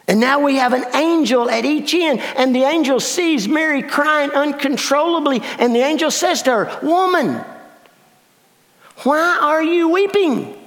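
A man pastor preaching a storytelling sermon with dramatic swings between hushed asides and exclaiming. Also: very high-pitched, moderate pace, hardly any pauses. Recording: long reverb of a large hall.

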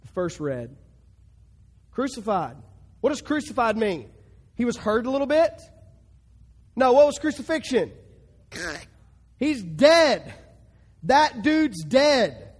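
High-voiced preacher with hall reverb. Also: male voice, sing-song, takes it slowly, long pauses, breathy edge. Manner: emphatic, swings from hushed to loud bursts. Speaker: pastor. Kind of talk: sermon.

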